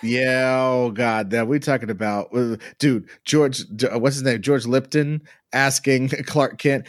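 Relaxed slangy podcast co-host, man, mid-pitched voice, dry close sound. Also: measured pace, few pauses, dry recording. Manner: laid-back, slangy, drawls some words. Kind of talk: casual chat about comic art.

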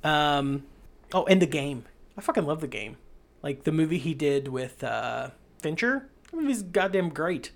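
A mid-pitched host who runs through film lists with rambling enthusiasm and casual swearing. The delivery is loose, chatty podcast talk. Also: big pitch swings, unhurried, gravelly. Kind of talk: casual movie podcast chat.

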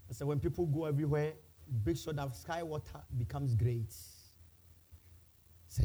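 Pastor preaching over music. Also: male voice, a little high, fairly even intonation, moderate pace, pauses often, slightly rough. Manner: preaching with rising shouted declarations and repeated phrases. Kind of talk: sermon. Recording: music playing behind the voice.

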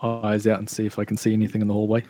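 A man playing his character in a tabletop game, with a wry, deadpan manner. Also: on the low side, racing, no room sound. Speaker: player.

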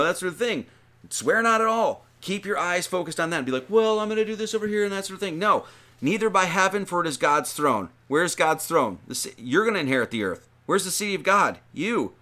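A man leads a loose, chatty sermon, reading scripture and then riffing on it. His voice sits a little higher than most men's. He drags out key words for emphasis. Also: bright, forceful tone. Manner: conversational, rambling, emphatic with drawn-out phrases. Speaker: preacher.

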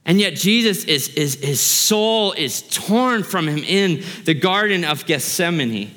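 A man's voice: high voice, lively intonation, a little slow, hardly any pauses, bright, forceful tone, big-room sound. A man preaching a sermon as a pastor, earnest and growing impassioned, asking the congregation rhetorical questions.

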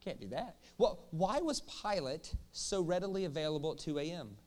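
A man preaching a sermon in a jokey, animated way, often checking in with the crowd with quick questions. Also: on the high side. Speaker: pastor.

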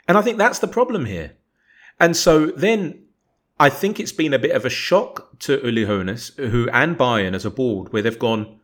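A man's voice: medium pitch, normal speed. A man, co-hosting a casual football podcast, arguing his point in long rambling runs and acting out imagined conversations. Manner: animated, rambling, acts out imagined dialogue. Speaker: podcast co-host.

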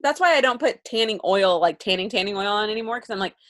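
A woman co-hosting a podcast in casual chat, warm and gushing, quick to agree. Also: medium pitch, expressive. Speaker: podcast co-host.

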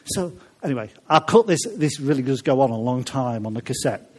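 Husky-voiced preacher joking with his congregation. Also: medium pitch, animated, fairly quick, few pauses. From Welsh family. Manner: chatty, joking asides to the congregation. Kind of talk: humorous sermon.

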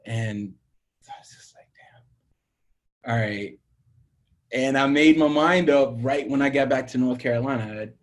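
A young man from the American South, a musician, telling his story in an interview with lively acted-out dialogue and frequent laughs. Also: mid-range voice, moderate pace. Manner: animated storyteller, acts out quoted dialogue, laughs often. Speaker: musician guest.

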